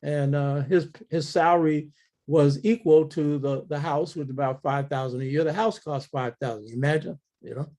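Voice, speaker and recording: Older man, interview guest, blunt earthy storyteller, voice a bit high. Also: steady tone, moderate pace, mellow. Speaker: interview guest telling family history.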